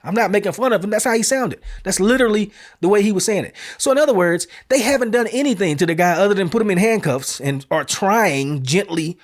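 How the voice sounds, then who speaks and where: A man's voice: sits high, expressive, a little fast, hardly any pauses. A man hosting an opinion commentary show, talking bluntly and emphatically in casual street phrasing. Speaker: show host.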